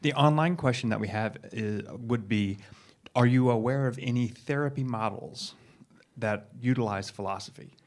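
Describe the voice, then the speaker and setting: A man moderating the Q&A, politely relaying questions in a halting way. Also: mid-range voice. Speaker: event moderator.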